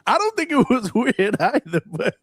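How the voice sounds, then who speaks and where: A man's voice: very high voice, very animated, moderate pace, a bit bright, breathy edge. A man hosting a call-in show, chatting casually in a playful, teasing way. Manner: playful, teasing, laughs a lot. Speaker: show host.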